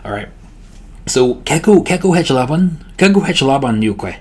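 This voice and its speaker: Laid-back man tutoring slowly. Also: medium pitch, husky. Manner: relaxed, repeats words slowly and checks in with "okay?". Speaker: language tutor. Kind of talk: casual spoken language lesson.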